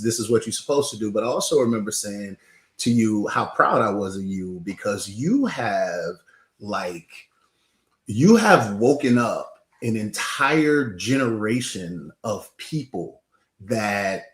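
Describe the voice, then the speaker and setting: A man's voice: fairly low pitch, roomy sound. A man who is a city council candidate, joining an interview by video call and talking in a playful, hyping way that repeats phrases. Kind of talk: casual interview chat.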